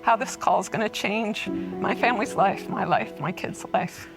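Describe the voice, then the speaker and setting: A woman who led admissions, telling an animated, laughing story on an auditorium panel. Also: mid-range voice, moderate pace, vocal fry, loud music behind the voice, rough recording. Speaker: lecturer and former admissions head. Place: auditorium stage.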